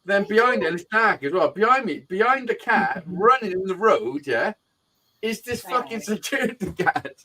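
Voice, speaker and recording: A man's voice: high-pitched, normal speed, slight background noise. A man hosting a live stream, telling stories in casual, swearing banter over a video call. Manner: swearing, animated storytelling.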